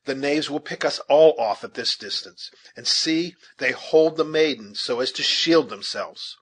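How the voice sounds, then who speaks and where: A man's voice: medium pitch, a little slow, slightly rough. A man voicing a rugged frontier scout who calls out urgently to his companions.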